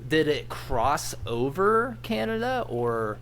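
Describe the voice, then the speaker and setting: A man's voice: a little high, big pitch swings, slow, a bit bright, a little hiss or hum. Man rambling in casual podcast banter. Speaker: podcast co-host. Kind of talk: casual chat.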